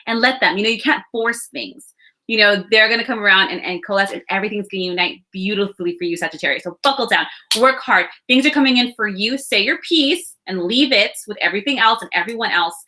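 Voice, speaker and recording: Woman in her thirties, tarot reader, bright tone; chatty, reassuring delivery straight to camera. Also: mid-range voice, fast. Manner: chatty, reassuring, laughs and sighs between thoughts. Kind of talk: casual spiritual reading.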